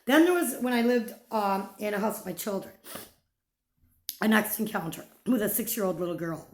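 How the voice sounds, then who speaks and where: A woman's voice: mid-range voice, normal speed, darkish tone. A woman vlogger telling a personal ghost story in a casual, dramatic way, dropping to whispers and swearing freely. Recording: echoey room.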